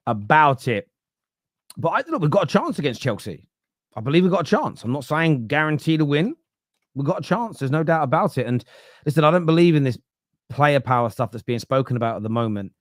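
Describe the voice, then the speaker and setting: A young man talking football from home as a pundit, answering viewer comments in a loose, animated way that trails off and restarts. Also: medium pitch, dry recording, studio quality. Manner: animated, laughing, self-interrupting. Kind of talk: live football chat reading viewer comments. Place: home room.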